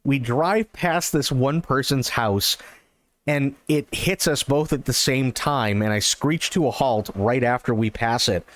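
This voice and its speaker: A man streaming live, telling a long personal story in an animated, excitable way and swearing often. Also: mid-range voice, dry recording. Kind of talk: casual storytelling.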